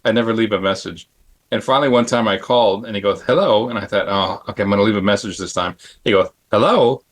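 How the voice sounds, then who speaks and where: Low-voiced man telling animated anecdotes. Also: fast. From Phoenix, Arizona. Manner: animated, acts out the people in his anecdotes; frequent throat clearing and restarts. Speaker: panel guest, makeup effects artist. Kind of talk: storytelling on a panel.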